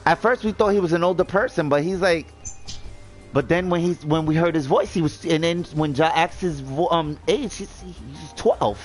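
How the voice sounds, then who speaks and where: A man's voice: fairly high pitch, moderate pace, soft background music, rough recording. A man ranting indignantly in casual commentary, swearing and repeating himself as he stumbles over words. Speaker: gaming vlogger.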